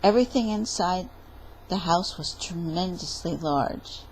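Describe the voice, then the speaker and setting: A woman reading a story aloud at storytime in a playful, expressive way. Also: mid-range voice, takes it slowly, a little hiss or hum, poor audio. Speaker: library storyteller.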